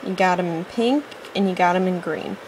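A woman's voice: lowish voice, moderate pace, darkish tone, a little hiss or hum. A woman giving casual, rambling gameplay commentary, chatty, often apologizing and getting impatient with the game. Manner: apologetic asides. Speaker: let's-play host.

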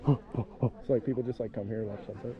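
A young man chatting with a friend outdoors, making deadpan jokes. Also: lowish voice, fairly quick, lo-fi sound, a crowd in the background. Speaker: riding friend. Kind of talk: casual chat. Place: outdoors in woods. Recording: loud outdoor noise.

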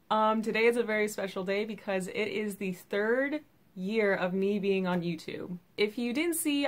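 A young woman YouTuber chatting casually to camera, bubbly and self-mocking. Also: medium pitch.

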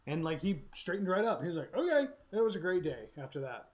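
A man's voice: on the high side, expressive, rapid-fire, few pauses. A man hosting a casual live stream, telling a story and laughing as he acts out quotes.

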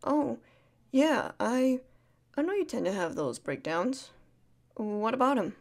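A woman speaks in a whispered role-play as a comforting friend. Her voice sits a little high and moves slowly and gently, drifting between soft speech and hushed shushing. She repeats reassuring words in a calm, soothing way. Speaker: ASMR creator playing a caring friend.

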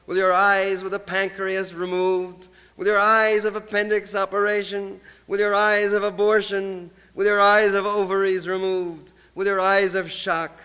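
Poet, male, high voice, slow incantatory chant, smooth clear tone. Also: flat delivery, bright, forceful tone. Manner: incantatory, chanting long repeated lines. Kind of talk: poetry reading. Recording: long hall reverb.

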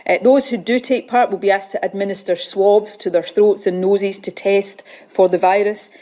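A woman delivers a formal public health briefing in a measured, official manner, with an occasional "uh". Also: medium pitch, fairly even intonation, dark tone.

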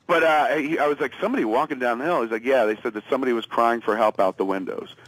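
A man's voice: mid-range voice, animated, fast, fairly bright tone, no room sound, low-quality recording. A man from the US East Coast, a phone-in guest telling a rambling, profane comic story and acting out the lines of the people in it. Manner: rambling, profane, acts out quotes.

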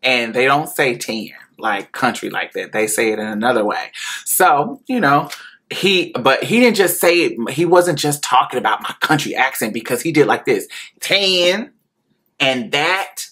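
An adult man from Indiana with a rural Indiana accent, slowly and candidly telling a personal story, often laughing and repeating himself. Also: medium pitch, animated, a bit bright, slightly rough.

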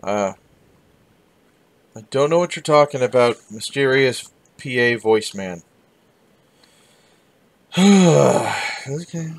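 A man's voice: medium pitch, lively intonation, slow, gravelly, pauses often. A man hosting a let's-play, chatting with wry asides and answering the game characters. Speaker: gaming video host. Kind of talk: casual let's-play commentary.

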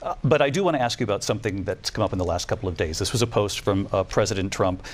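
Measured male debate moderator, lower voice. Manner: measured, halting questioning.

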